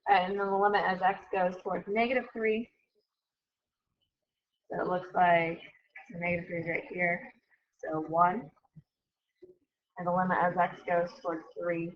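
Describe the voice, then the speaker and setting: A woman's voice: fairly low pitch, steady tone, moderate pace, long pauses. A woman teacher giving a casual classroom math lecture, chatty and often correcting herself. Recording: dull lo-fi recording.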